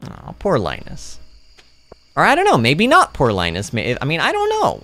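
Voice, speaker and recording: A man's voice: on the high side, huge pitch swings, moderate pace, pushed and bright. A man giving rambling, self-deprecating commentary during a gameplay livestream, speaking into a streaming microphone.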